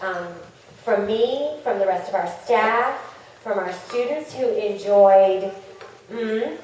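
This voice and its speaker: A woman on the school staff acting as emcee, making ceremony announcements in a halting way with many ums. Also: mid-range voice, darkish tone. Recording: echoey hall from far off, noisy.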